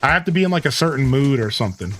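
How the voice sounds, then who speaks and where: A man's voice: mid-range voice, animated, very fast, fairly bright tone. A man streaming a retro video game, chatting casually and joking with viewers as he plays. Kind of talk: casual gameplay commentary.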